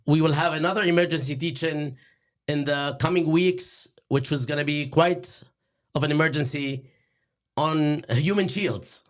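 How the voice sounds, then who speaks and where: A middle-aged man, hosting a satirical lecture in a deadpan, sarcastic manner. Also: fairly high pitch. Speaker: host.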